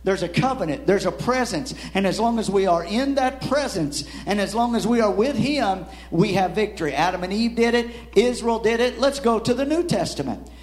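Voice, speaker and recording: A man delivers a sermon in a high-pitched voice. He pushes his points with rising emphasis, then drops low, often stumbling over repeated words and closing with "Amen". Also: expressive, normal speed, few pauses, darkish tone. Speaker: preacher.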